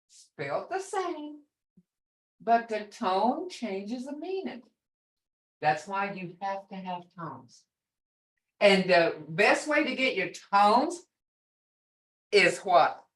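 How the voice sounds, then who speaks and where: Slow, patient older woman teaching. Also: medium pitch, sing-song. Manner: slow, patient, repeats words to model sounds; chuckles often while explaining. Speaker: language teacher. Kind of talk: online beginner language class. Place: video call.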